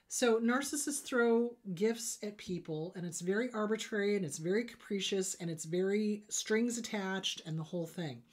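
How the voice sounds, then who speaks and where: A woman hosting a therapy talk show, giving blunt, lively advice and acting out quoted voices. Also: mid-range voice, normal speed, few pauses. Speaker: therapist host. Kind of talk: casual advice monologue.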